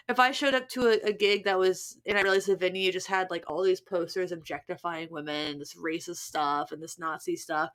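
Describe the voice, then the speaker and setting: A woman in her thirties co-hosting a podcast in casual chat, talking in a chatty, animated way with frequent restarts and laughs. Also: medium pitch, brisk. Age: 30s. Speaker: podcast co-host and musician.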